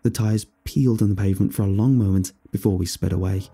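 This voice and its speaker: A man narrating a first-person horror story in a steady storytelling manner. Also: fairly low pitch, fast talker, slightly rough.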